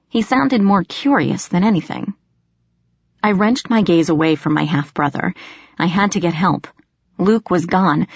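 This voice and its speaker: A woman reading a first-person audiobook in a measured, tense storytelling manner, in a dull, dry lo-fi recording. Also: lowish voice, no echo. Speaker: audiobook narrator.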